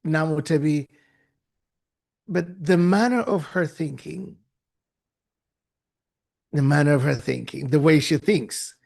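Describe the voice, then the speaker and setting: A man with a high, gravelly voice tells a story to an audience. He acts out the people in the story and repeats phrases for effect. He talks in a loose, animated way with many restarts. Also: takes it slowly, pauses often. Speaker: guest speaker. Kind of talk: storytelling talk.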